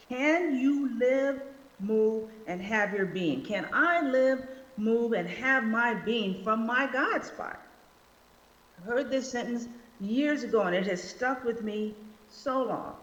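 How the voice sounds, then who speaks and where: A woman preaches a sermon in a church sanctuary, animated and slowing her words for emphasis. Her voice rings with a long, roomy echo, and the sound is slightly dull. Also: a little high. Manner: animated, slows for emphasis, acts out quotes. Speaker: guest speaker.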